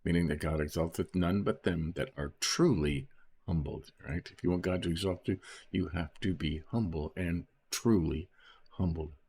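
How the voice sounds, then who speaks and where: A man's voice: sits low, moderate pace, darkish tone, breathy edge. A man reading Bible verses aloud and explaining them in a casual teaching manner, often checking in with "right?" and "okay?". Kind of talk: informal Bible study commentary.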